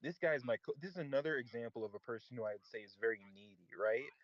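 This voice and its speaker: A man's voice: medium pitch, quick pace, no room sound. A young man on a voice call, telling a long, rambling story in casual chat and filling it with "like". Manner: rambling storyteller, heavy filler "like". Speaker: caller on voice chat. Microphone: voice chat mic. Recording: dull lo-fi voice chat.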